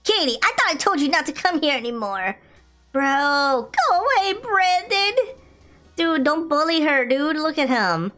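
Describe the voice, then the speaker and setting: A woman hosting a casual gameplay video, chatty, excitable and often giggling as she plays. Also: high voice, brisk, hardly any pauses, soft background music. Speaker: gaming video host.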